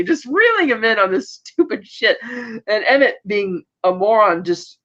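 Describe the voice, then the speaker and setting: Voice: medium pitch, a little fast. Podcast host rambling through an episode recap, lots of ums and restarts, slightly dull lo-fi sound. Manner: animated, acts out characters' lines in quotes; rambling with frequent fillers and self-corrections.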